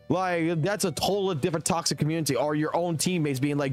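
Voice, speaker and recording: A man's voice: on the high side, steady tone, fast, hardly any pauses. A man streaming games and ranting heatedly, with heavy swearing, in casual talk. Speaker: game streamer. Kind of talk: casual gaming stream rant. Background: faint music.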